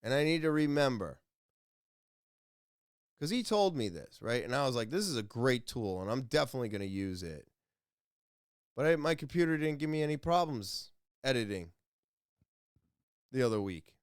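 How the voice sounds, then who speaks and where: A man's voice: a little high, smooth, no echo, studio quality. A young adult man hosting a solo podcast, talking casually and rambling a little as he explains an idea to his listeners, often correcting himself mid-sentence. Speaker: podcast host.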